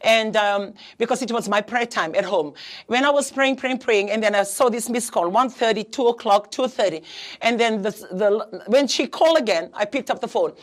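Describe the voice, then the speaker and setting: Woman pastor, heartfelt sermon, pleading and earnest, slightly high voice. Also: moderate pace. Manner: earnest, pleading, repeats phrases, frequent hesitations. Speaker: pastor and prayer counselor.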